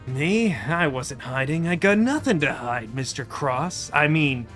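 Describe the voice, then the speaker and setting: A gruff young handyman who dreams of bodybuilding, played by a man for a video game. He mumbles in a low, laid-back voice. The tone keeps a bright edge. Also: sing-song, a little slow, soft background music. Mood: sheepish.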